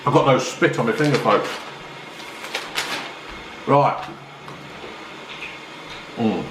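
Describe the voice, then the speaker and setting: A man's voice: medium pitch, takes it slowly, noisy background. A middle-aged man chatting casually as a vlogger, reacting bluntly to news stories with plenty of swearing. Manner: blunt, sweary, ranting commentary. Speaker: vlogger reviewing newspaper stories. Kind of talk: casual chat. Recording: echoey room.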